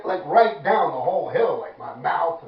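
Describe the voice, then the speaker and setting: High-voiced New York man, profane storytelling. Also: normal speed, creaky. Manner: profane, laughing, animated street talk. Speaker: graffiti writer telling a story. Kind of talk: casual storytelling to viewers. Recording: echoey, distant, dull with faint noise.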